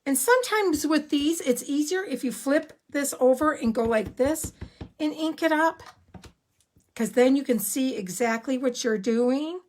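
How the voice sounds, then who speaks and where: A woman giving a live card-making tutorial, chatty and excitable, rambling a little as she works. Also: high voice, a little slow.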